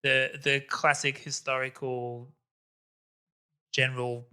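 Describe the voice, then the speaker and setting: A man guesting on a podcast, chatting casually about films in an animated, opinionated way and laughing often. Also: mid-range voice, slow, smooth. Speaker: podcast guest, co-host of another podcast. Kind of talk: casual film chat.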